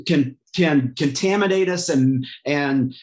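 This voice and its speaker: Male podcast host, earnest, slightly high pitch. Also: a little mellow. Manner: earnest, affirming, quick amens. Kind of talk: casual faith podcast chat.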